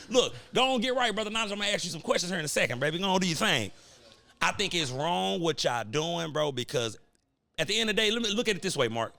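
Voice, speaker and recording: A man's voice: high-pitched, expressive, fast talker, gravelly, pushed and bright. A man hosting a podcast, delivering a heated, profane, preachy sports rant in AAVE. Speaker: podcast host. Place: cigar lounge studio.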